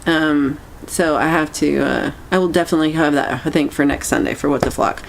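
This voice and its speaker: A woman hosting a casual livestream chat, meandering and halting as she reacts to viewer comments. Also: low voice, fairly even intonation, vocal fry, a little hiss or hum. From United States. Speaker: livestream host.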